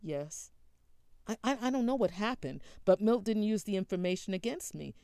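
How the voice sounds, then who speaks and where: A woman's voice: mid-range voice, expressive, moderate pace, mellow, clear, resonant tone, no room sound, clean studio sound, pitched above the performer's own voice, close to an everyday voice. A woman voicing an evasive, flustered son. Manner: evasive, stammering. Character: defensive grown son, evasive and tense.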